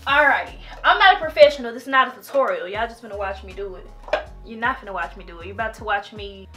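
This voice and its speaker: A woman's voice: medium pitch, expressive, fast, bright, forceful tone, faint music behind. A woman talking casually in a home vlog, dramatic and laughing, often crying out that she is scared. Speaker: vlogger.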